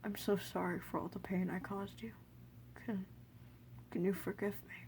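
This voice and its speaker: A big gentle monster king, an older male, speaking softly with regret and kindness, as a woman reads him in her own voice. The lines sit in a storybook audio reading. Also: medium pitch, moderate pace, slight background noise, lightly acted. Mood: kind, remorseful. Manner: soft, kindly, apologetic.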